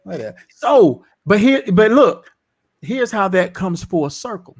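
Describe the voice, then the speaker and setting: A man co-hosting a casual podcast talks in a playful, teasing way, full of slang. His voice sits a little high and swings widely in pitch as he jokes with the others. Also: big pitch swings, a little slow. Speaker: podcast co-host. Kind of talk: casual chat. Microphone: remote call microphone.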